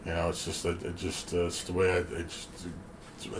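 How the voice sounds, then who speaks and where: A man with a fairly low voice tells a long, rambling story in loose, profane chat. He acts out the voices he quotes. A clear noise hum sits behind him. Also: monotone, brisk.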